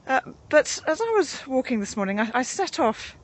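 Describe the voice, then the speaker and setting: A woman reverend giving a gentle, musing devotional reflection, a bit out of breath after a morning walk outdoors, with frequent ums and restarts. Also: high-pitched, big pitch swings, moderate pace. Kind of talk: informal spoken devotional reflection.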